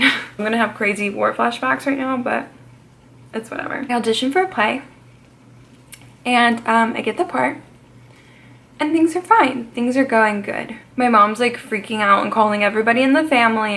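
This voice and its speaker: A young adult woman vlogger tells a dramatic personal story in a casual, chatty way, swearing and laughing often. Her voice is a little high and a bit bright, with slight background noise.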